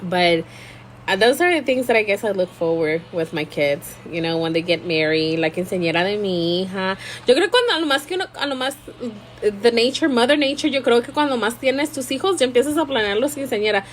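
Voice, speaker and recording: A woman's voice: on the high side, quick pace, slight background noise, poor audio. A woman, hosting a casual live stream, chatting expressively and switching freely between Spanish and English. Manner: expressive, laughs often.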